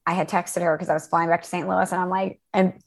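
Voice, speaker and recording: A woman co-hosting a podcast, telling a story in a chatty, animated way with quoted dialogue. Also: lowish voice, quick pace, creaky. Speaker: podcast co-host. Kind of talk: casual storytelling chat.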